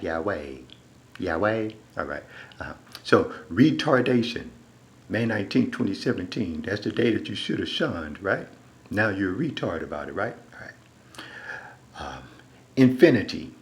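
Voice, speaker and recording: A man delivering a rambling, repetitive monologue into a phone, dropping to a low mutter and then rising into loud, emphatic bursts. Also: vocal fry, low-quality recording. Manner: repetitive, keeps saying "all right". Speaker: self-styled preacher.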